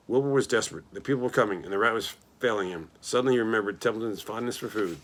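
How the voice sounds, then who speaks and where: A man reading a children's novel aloud in a plain, steady storytelling manner. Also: fairly low pitch, rapid-fire, hardly any pauses. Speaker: reader.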